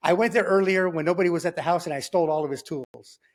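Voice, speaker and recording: A man casually telling his own story in slangy talk, acting out sounds like gunshots as he goes. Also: quick pace. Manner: animated, slangy, acts out sounds like "boom" and "pow". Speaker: guest telling his testimony.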